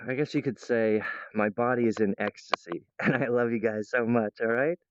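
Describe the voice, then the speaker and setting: A man's voice: medium pitch, fairly even intonation, normal speed, clean tone, no echo, dull audio. A man vlogging at home in a meandering, playful monologue full of restarts, stray thoughts and silly voices. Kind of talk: rambling casual monologue to camera. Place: at home, in the kitchen.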